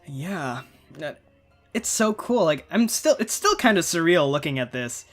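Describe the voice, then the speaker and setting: Soft music underlies this clip of a twenty-something gaming creator giving casual, meandering commentary as he plays, chatty and quick to laugh. He speaks at a measured pace in a fairly high, slightly bright voice with big pitch swings.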